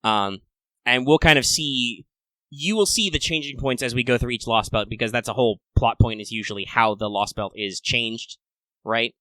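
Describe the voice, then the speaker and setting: A man with a bright, forward, mid-range voice co-hosts a casual fan podcast, chatting playfully at a moderate pace and slipping into excited little asides. The sound is dry and close, with no room around it.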